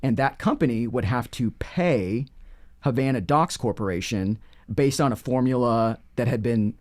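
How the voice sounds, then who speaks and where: A man explaining a court case in casual conversation, stopping often to correct himself and pick the thread back up. His voice sits at an ordinary middle pitch. He is recorded close and dry, with no room sound. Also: normal speed, no room sound. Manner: rambling, frequent restarts and self-corrections. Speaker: podcast co-host discussing court cases. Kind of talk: casual legal discussion.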